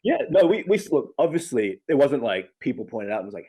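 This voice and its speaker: A man in his thirties from Australia, an actor chatting casually in an interview from home, animated, laughing often and restarting sentences. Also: mid-range voice, fairly quick, slightly rough. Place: home with a loft.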